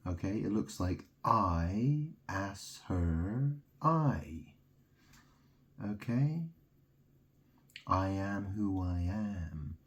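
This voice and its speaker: Slow, low-voiced insistent man. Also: lively intonation, lo-fi sound. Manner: insistent, repeats "okay?", plays on word sounds. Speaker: self-styled religious speaker. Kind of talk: rambling monologue to camera.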